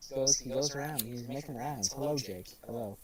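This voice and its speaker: An Irish man in a casual chat, excitable and swearing often. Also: medium pitch, a little fast, a loud crowd, low-quality recording. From Ireland. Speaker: guest on stream.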